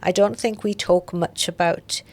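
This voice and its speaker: A woman's voice: on the low side, fairly even intonation, a little slow. A woman, a podcast guest, telling her story openly and reflectively. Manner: open, reflective, with soft laughs. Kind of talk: candid interview storytelling.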